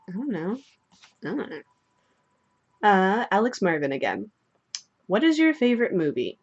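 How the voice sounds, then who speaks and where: A young woman answering follower questions in casual chat, playful and swearing freely as she tells stories. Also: medium pitch. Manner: playful, swearing, animated storytelling. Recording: dull lo-fi sound.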